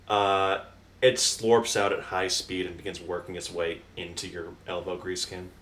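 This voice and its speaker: Deep-ish man running a tabletop game. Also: flat delivery, normal speed, fairly bright tone, roomy sound. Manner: rambling, chuckling, lots of fillers. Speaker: game master.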